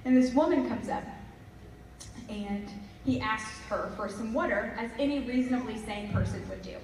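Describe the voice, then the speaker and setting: Female preacher, storytelling style, slightly high pitch, chatty asides; roomy hall sound, distant mic. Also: normal speed, a little hiss or hum. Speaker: guest speaker. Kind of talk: storytelling sermon.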